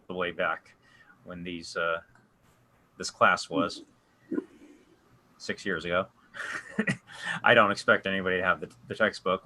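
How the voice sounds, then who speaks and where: Bright-voiced man leading a casual discussion. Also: low-pitched. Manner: rambling, with many restarts and fillers. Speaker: discussion group leader.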